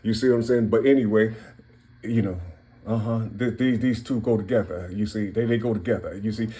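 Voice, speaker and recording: Speaking straight to his audience in a preachy tone, a Cincinnati channel host rambles casually about hidden codes in words, looping back to the same phrases again and again. He has a warm, steady, low-ish voice and talks fairly quickly.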